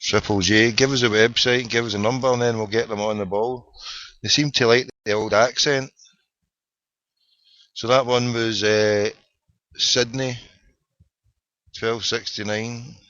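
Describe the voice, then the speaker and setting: Brief: Glasgow host, sharp bright tone, dull lo-fi webcast sound, joking and rambling. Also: male voice, medium pitch, steady tone, unhurried, pauses often, no room sound. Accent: Glasgow Scottish. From Scotland. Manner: boisterous, rambling wisecracking patter. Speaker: host of an internet show. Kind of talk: jokey call-in banter. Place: parked car.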